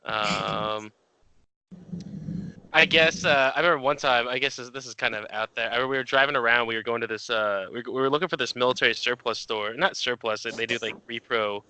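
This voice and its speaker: A young man with a New Jersey accent, telling a family story in casual chat as co-host, animated and laughing. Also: medium pitch, fairly quick, a little hiss or hum, low-quality recording. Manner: animated storytelling with laughs and loud acted quotes.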